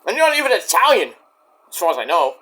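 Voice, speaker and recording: A man recapping a wrestling show in a casual, excitable rant, swearing often. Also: high-pitched, quick pace. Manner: excitable, profane, storytelling rant.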